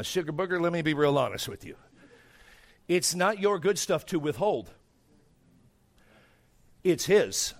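Man, middle-aged, high voice; emphatic sermon, quiet asides then loud bursts. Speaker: pastor.

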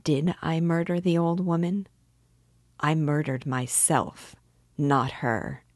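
A woman's voice: low-pitched, slow pace, darkish tone, no echo, clean studio sound. A woman voicing a tormented young male murderer in a storybook reading, speaking with anguished bitterness.

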